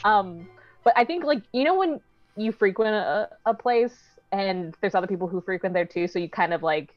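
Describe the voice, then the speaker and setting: A woman's voice: medium pitch, expressive, normal speed, no room sound, soft background music. A woman casually describing her character for a tabletop game, easygoing and thoughtful. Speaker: game player. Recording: dull, dry lo-fi mic.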